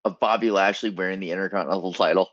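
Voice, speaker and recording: A man's voice: sits low, fairly even intonation, rapid-fire, a bit bright, no room sound. A man co-hosting a podcast in casual chat, a laid-back storyteller. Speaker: podcast co-host. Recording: dull, dry sound.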